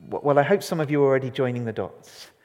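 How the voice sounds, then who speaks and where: A man preaching a sermon, animated and asking his congregation questions. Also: mid-range voice, fast talker. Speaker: pastor. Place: church hall. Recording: long hall reverb.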